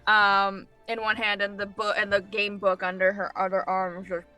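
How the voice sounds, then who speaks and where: A woman's voice: medium pitch, flat delivery, moderate pace, sharp tone, soft background music. A woman playing a tabletop game, upbeat and laughing, thinking aloud through plans. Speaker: player. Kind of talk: tabletop role-play, in and out of character.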